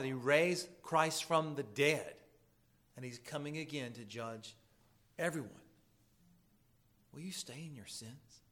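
A man preaching a sermon as pastor, earnest and pleading, moving between loud emphasis and hushed intensity. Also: medium pitch.

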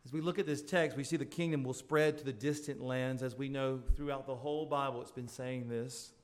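A man preaching a sermon as pastor, swelling into emphatic appeals and dropping into soft, intimate asides. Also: medium pitch, steady tone, a little fast.

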